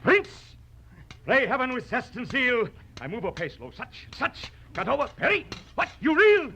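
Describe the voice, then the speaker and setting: A man's voice: very high-pitched, sing-song, normal speed, bright, forceful tone, slight background noise, heavily acted. An actor playing a proud, mocking poet swordsman with a huge nose, declaiming in theatrical old radio-drama style. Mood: gleeful. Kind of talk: vintage radio drama acting.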